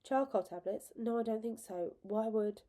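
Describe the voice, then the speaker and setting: A woman voicing a young woman who is loving and frightened, in a soft, emotional read of a storybook scene. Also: a little high, normal speed, lightly acted.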